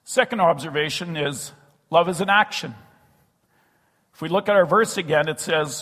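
Pastor guy preaching, slightly breathy voice, big echoey church hall. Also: on the high side. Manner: earnest, slows and drops to a hush on key phrases. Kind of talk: sermon. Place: church sanctuary.

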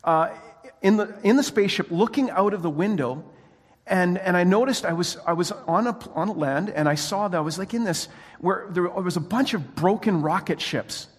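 Male pastor preaching, high voice, husky tone, animated storytelling, long church-hall reverb. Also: normal speed. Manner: animated storytelling, frequent restarts. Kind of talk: sermon.

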